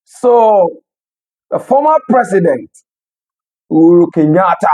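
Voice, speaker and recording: A husky commentator from Africa talks through the news in a lively, swooping voice. Laughs break up the remarks often. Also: mid-range voice, normal speed, low-quality recording.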